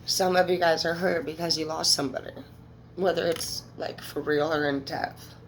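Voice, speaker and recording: A woman's voice: sits low, fairly even intonation, normal speed, a little hiss or hum, low-quality recording. A woman in her thirties speaking candidly and emotionally to her viewers as a tarot reader, swearing freely. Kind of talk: casual monologue to viewers.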